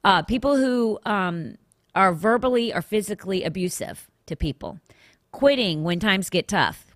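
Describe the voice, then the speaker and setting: A woman's voice: medium pitch, moderate pace, a bit bright, dry recording, studio quality. A woman hosting a faith podcast, teaching a Bible passage in an earnest, conversational way with asides and restarts. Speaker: podcast host.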